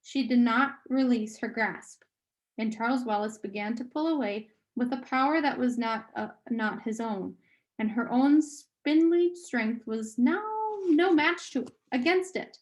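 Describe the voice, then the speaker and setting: A woman reading a novel aloud at a steady pace, sometimes restarting a phrase. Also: a little high, unhurried. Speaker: audiobook reader.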